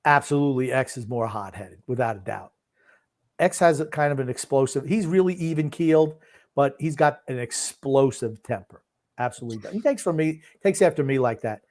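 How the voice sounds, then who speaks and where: A man's voice: medium pitch, brisk, darkish tone. An older man co-hosting a casual sports chat, reading viewer comments aloud and teasing his family. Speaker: podcast co-host reading comments.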